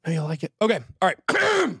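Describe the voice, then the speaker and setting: A man hosting a live show, ranting loudly and exasperated, often shouting. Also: sits high, huge pitch swings, moderate pace, vocal fry, slightly rough, no echo, clean studio sound. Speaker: show host. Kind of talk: heated rant on a live show.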